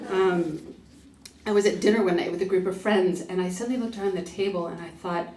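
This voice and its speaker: A woman's voice: mid-range voice, quick pace, background noise. A woman in her forties gives a chatty, self-deprecating book talk to a live audience and laughs often. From United States. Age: 40s. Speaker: author giving a book talk. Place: library event room. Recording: echoey room, voice from far off.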